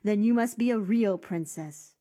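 A hopeful young prince from a bedtime fairy tale, voiced by a woman reader. He speaks gently and with wonder, in a mellow, breathy tone. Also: mid-range voice, normal speed, lightly acted.

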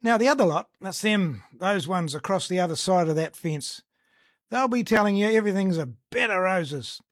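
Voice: medium pitch, expressive, moderate pace, no room sound, clean studio sound, close to an everyday voice. A speaker with a New Zealand accent voicing a stiff, earnest male political candidate who gives a folksy, blustering stump speech.

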